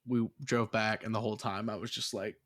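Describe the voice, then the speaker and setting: A man's voice: on the low side, steady tone, fairly quick, a bit bright. A man hosting a casual podcast chat, telling a story with lots of animation, swearing and laughter. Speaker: podcast host.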